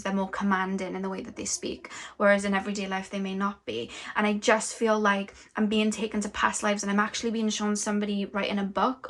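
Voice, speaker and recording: A woman giving an intuitive tarot reading, talking in a flowing, rambling way with many fillers. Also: mid-range voice. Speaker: tarot reader and energy channeler.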